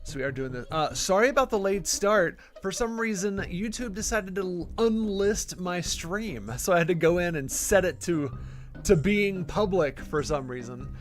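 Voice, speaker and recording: A man's voice: high-pitched, lively intonation, moderate pace. A man hosting a live gameplay stream, chatting casually in a rambling, self-deprecating way with plenty of fillers. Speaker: gaming channel host.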